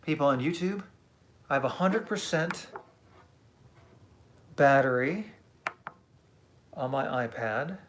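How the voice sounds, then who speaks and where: A man's voice: fairly high pitch, animated, slow pace, long pauses, slight background noise. A man hosting a casual live stream, chatty and self-deprecating as he reads out comments. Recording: echoey room.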